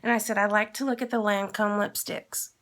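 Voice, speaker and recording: A woman's voice: mid-range voice, steady tone, fairly quick, fairly bright tone. A woman vlogger telling a long story in a casual, rambling way and acting out the dialogue. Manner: rambling, retells with quoted dialogue.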